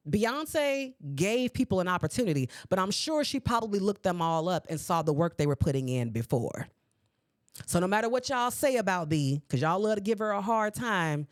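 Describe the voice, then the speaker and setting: A woman in her forties hosting a podcast, ranting at her listeners in a sassy, animated way. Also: on the low side, no echo, studio quality. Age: 40s. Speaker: podcast host. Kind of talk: solo podcast commentary. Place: podcast recording space.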